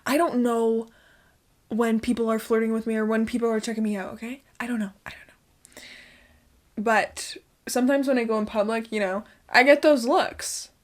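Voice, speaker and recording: A woman's voice: on the high side, fairly even intonation, normal speed. A young woman talking to camera in a casual, chatty way, swearing freely and laughing often as she shares her routines from home. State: out of breath. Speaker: spiritual lifestyle vlogger.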